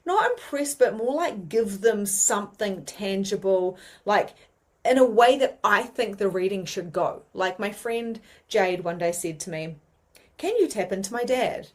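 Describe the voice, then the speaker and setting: A woman with a New Zealand accent teaching mediumship in a chatty, animated way, with many fillers. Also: medium pitch, unhurried. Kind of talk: casual teaching monologue.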